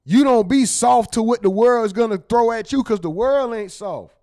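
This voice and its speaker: A man's voice: very high voice, normal speed, darkish tone. A man hosting, talking bluntly and profanely in casual emphatic commentary. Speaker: host.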